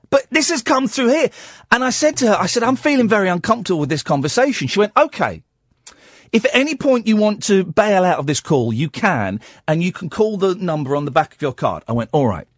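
A man's voice: sits high, very animated, a little fast, husky, dry recording, studio quality. A man hosting a radio talk show, telling a story and acting out the voices on both sides of his phone calls. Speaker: radio host.

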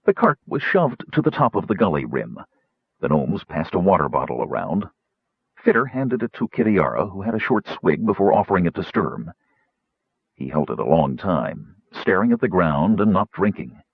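A husky, expressive audiobook narrator. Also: male voice, low voice, normal speed, no room sound, phone-quality sound. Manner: expressive, voices each character.

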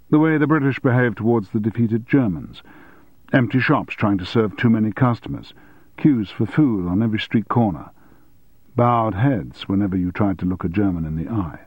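A man narrating an audiobook in a measured storytelling manner. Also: on the low side, breathy edge, no echo. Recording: dull dry studio audiobook recording.

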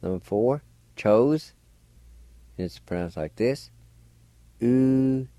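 Man, radio language teacher, slow and patient, dark mellow tone, dry close sound. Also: lowish voice, no echo. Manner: patient, spells out letters one by one. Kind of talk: slow spelling and pronunciation lesson.

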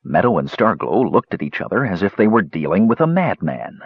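A man narrating a fantasy story aloud in an expressive, lively reading voice. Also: low voice, fairly quick, husky, dry recording. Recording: dull dry lo-fi recording.

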